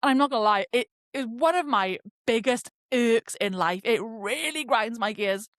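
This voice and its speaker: A woman's voice: on the high side, lively intonation, moderate pace, a bit bright, no room sound, clean studio sound. A young woman hosting a podcast, telling a story in a casual rant and swearing freely. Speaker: podcast host. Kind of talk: casual ranting monologue.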